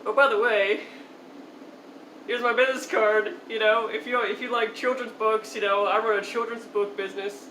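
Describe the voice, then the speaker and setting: A pushy seventy-year-old man hits on a stranger with rambling, casual pickup lines, as a young woman mimics him. The voice is fairly high and bright, and it rings in a roomy, echoey space. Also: steady tone, moderate pace, far from the mic, slight background noise. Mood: offhand.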